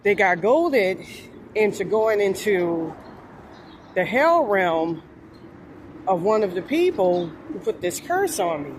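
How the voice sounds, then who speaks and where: A woman's voice: mid-range voice, very animated, slow pace, pauses often, slight background noise. Rambling New woman vlogging. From New Orleans, USA. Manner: rambling, meandering, frequent fillers. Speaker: spiritual vlogger. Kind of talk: casual monologue.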